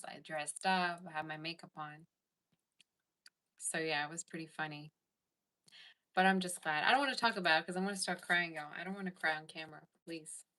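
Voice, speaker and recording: A woman's voice: on the low side, bright, forceful tone. A woman hosting a casual tarot livestream, chatting and reading viewer comments aloud. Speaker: tarot reader and livestream host.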